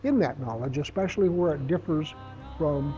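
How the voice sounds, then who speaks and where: A man's voice: fairly high pitch, normal speed, mellow, faint music behind. A middle-aged man giving a conversational Bible teaching, telling stories and reading scripture aloud with emphasis. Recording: dull, lo-fi sound.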